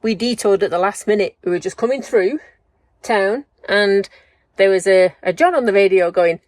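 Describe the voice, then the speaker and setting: A woman's voice: medium pitch, moderate pace, darkish tone, dry recording. A middle-aged woman, chatting casually and joking as she vlogs to a handheld camera. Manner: chatty and jokey, laughs often. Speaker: travel vlogger. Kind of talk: casual vlog chat.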